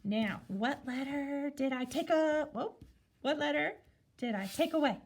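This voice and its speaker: A woman teaching a guided reading lesson to young children, asking questions and checking in with "okay?" after each point. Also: high-pitched. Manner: slow, sing-song teacher talk with many "okay?" checks. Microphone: recording a video lesson.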